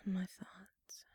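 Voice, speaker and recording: A young woman in a whispered role-play, coaxing and teasing the listener in a soft whisper broken by quiet laughs and pet names. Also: no room sound, clean studio sound. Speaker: ASMR role-play performer.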